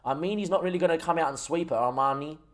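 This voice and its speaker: A young Australian man streaming a football management game, commentating the match live and getting excited at goals while talking to his chat. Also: on the high side, fast. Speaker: gaming streamer.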